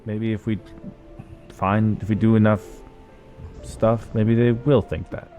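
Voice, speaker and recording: Man playing a shy young kid, halting, filler-heavy, low voice, music behind. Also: steady tone, warm tone, muffled recording, natural voice. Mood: earnest. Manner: hesitant, halting, many fillers. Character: young, unsure kid crew member.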